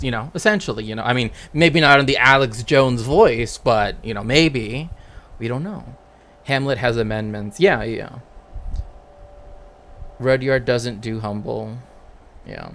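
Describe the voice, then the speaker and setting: A man's voice: medium pitch, moderate pace, a bit bright. A man streaming as a cultural historian, talking casually and rambling, checking in with tag questions. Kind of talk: casual livestream chat.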